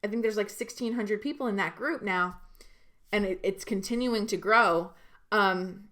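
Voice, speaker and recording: Energetic woman coaching online. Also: medium pitch, moderate pace. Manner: energetic, emphatic, talks directly to viewers. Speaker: business coach. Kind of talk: live online training.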